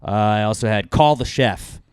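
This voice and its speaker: A man hosting a casual podcast, cursing freely and getting loud as he acts out insults. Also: on the low side, moderate pace, clear, resonant tone, no room sound. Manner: profane, animated, swings loud when acting out insults. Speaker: podcast host.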